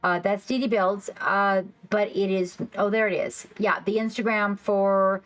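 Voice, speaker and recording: A woman hosting a casual livestream, rambling excitedly and reacting to her chat. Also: mid-range voice, measured pace, rough recording. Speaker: livestream host. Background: faint background music.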